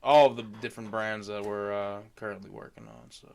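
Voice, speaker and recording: A man's voice: on the low side, level tone, fairly quick, smooth. A man co-hosting a podcast from home, chatting loosely and rambling with some self-deprecating jokes. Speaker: podcast co-host. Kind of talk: casual chat. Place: home computer chair, recording remotely.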